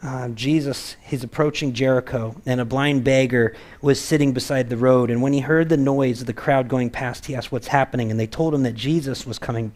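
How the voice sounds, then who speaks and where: A man preaching a casual sermon in a conversational, animated way, acting out the voices of people in the stories he tells. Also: mid-range voice, fairly quick, few pauses. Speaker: pastor.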